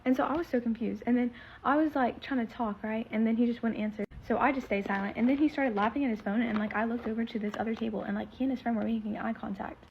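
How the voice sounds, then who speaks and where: Fast-talking teen girl spilling drama. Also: on the high side, fairly even intonation, slight background noise. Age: teens. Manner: rambling, filler-heavy, emotional retelling. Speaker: storyteller. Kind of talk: casual storytime vlog. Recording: slightly muffled lo-fi recording.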